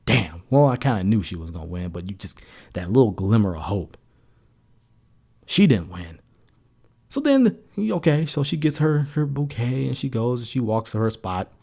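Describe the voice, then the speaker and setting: A man from the United States, co-host of a sports podcast, retelling an event in casual chat, his voice rising high and animated as he gets into the story. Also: moderate pace, creaky, husky.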